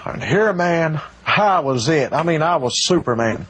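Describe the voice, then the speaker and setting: A man telling rough stories from his past in a rambling, colloquial way, played from a documentary. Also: on the high side, expressive, a little slow, fairly bright tone, a little hiss or hum. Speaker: documentary interviewee.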